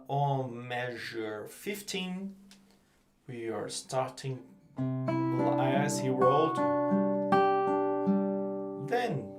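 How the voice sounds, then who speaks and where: A man with a Brazilian accent, giving a relaxed guitar lesson and explaining technique with frequent fillers. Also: mid-range voice. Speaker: guitar teacher. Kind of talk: instructional lesson.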